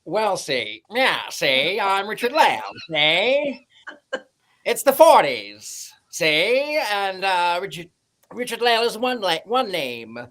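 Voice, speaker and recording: A man's voice: sits high, sing-song, slow, a bit bright, voice pushed up, exaggerated voice. A man voicing a brash 1940s male private eye in clipped gangster talk, ending lines with "see?". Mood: swaggering. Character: fast-talking 1940s male tough-guy private eye. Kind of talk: playful impression in a livestream chat.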